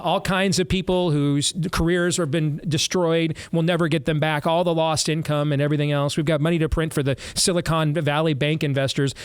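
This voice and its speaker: Male talk host, higher-pitched voice, blunt and sarcastic, dry studio sound. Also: clean tone, no room sound. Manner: blunt and sarcastic, with frequent restarts. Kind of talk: political talk show commentary.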